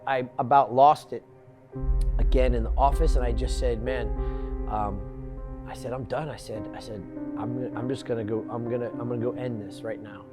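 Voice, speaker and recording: A man in his forties giving an earnest personal testimony, halting and restarting, and acting out what others said to him. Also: mid-range voice, steady tone, over loud music. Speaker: storyteller.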